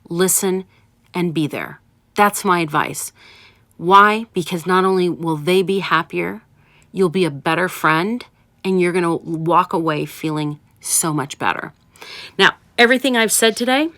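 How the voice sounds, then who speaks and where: A woman hosts an advice show in a lowish voice, coaching listeners with emphatic repetition. Her sound is dry and close, with no room around it. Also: no echo. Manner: warm, emphatic, coaching tone with repeated urgings. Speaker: podcast host and relationship advisor. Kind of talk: casual advice talk.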